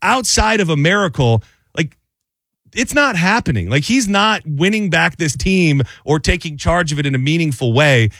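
A sports talk host, a man, giving animated, opinionated takes on football. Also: fairly high pitch, moderate pace, dry recording.

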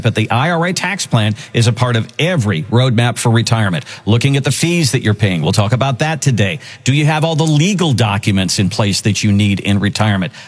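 A man hosting a financial radio show in an upbeat, salesy delivery. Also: mid-range voice. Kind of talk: radio show talk with promotion.

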